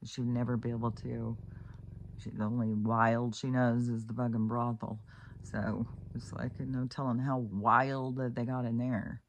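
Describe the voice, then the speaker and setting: A woman's voice: extremely low pitch, little pitch movement, unhurried, a little hiss or hum. A woman vlogging in a rambling, profane, casual rant, full of fillers and restarts, exclaiming in disbelief.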